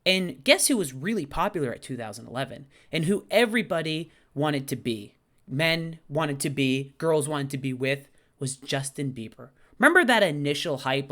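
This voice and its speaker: A young man telling a story casually to camera, self-deprecating and animated, often swearing and acting out the people he quotes. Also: a little high, moderate pace.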